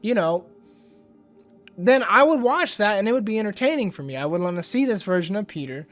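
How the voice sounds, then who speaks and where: A man's voice: high voice, lively intonation, brisk. A man hosting a casual ranting commentary vlog, rambling and exasperated, with lots of fillers. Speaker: YouTube host.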